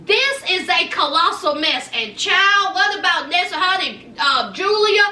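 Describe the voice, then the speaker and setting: Chatty woman recap host, sharp bright tone, heard a bit off mic in a roomy space. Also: extremely high pitch, measured pace, far from the mic. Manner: sassy, animated, acts out quotes, calls listeners honey and child. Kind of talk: casual gossipy recap. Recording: echoey room, off mic.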